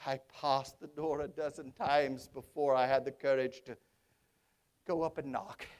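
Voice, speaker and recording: A man acting out an old reformed miser, bubbling with giddy delight at one moment and murmuring low and tender the next. The stage telling is theatrical, full of chuckles and sweeping leaps of pitch. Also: unhurried, close to an everyday voice. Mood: reminiscing. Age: older. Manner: exuberant, chuckling, switches between high excitement and low hushed narration. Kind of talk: theatrical storytelling monologue.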